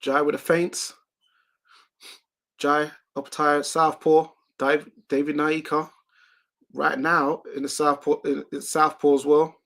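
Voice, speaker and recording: A man with a slightly higher-pitched voice calls a boxing bout live as a watch-along host. He talks in quick, excitable play-by-play and breaks off to read viewer comments. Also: vocal fry. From United Kingdom.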